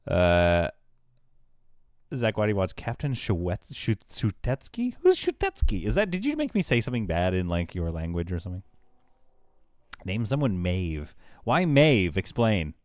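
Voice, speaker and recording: A man livestreaming a game, chatting casually with his audience, animated and quick to laugh. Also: low-pitched, no echo, studio quality. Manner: chatty, talks to chat. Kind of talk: casual live game commentary.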